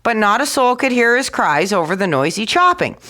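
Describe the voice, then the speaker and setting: A woman with a fairly high voice reading a fairy tale aloud as a storyteller. Her reading is expressive and animated, with pitch that rises and falls as the story moves along. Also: a little fast.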